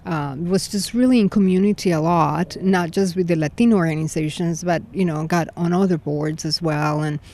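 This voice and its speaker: A woman from Colombia, a translator and interpreter, speaking as a podcast guest in a measured, reflective way. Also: lowish voice, dark tone. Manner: measured, reflective, frequent affirmations. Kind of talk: conversational interview.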